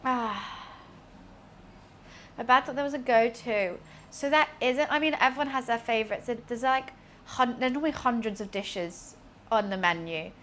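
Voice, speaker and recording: A young British woman, a cooking streamer, chats casually in her home kitchen as she cooks, rambling with fillers and laughing at herself in a chatty, self-deprecating way. Her voice is a little high and fairly bright, at normal speed, with slight background noise.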